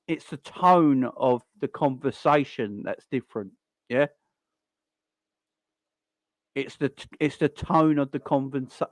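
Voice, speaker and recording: A young man hosting a fan channel live stream rants exasperatedly about football, repeating himself and swearing now and then. His voice is mid-range and the recording is dry.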